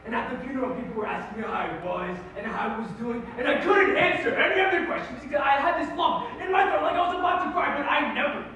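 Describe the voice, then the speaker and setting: A teenage boy performing a monologue as a middle-aged Irish-American man, telling his story in an animated, wry and emotional way. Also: very high voice, quick pace, few pauses, slight background noise, heavily acted. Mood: grieving. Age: teens. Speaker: high school forensics performer. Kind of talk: competitive dramatic monologue. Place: school auditorium stage. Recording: echoey hall, distant mic.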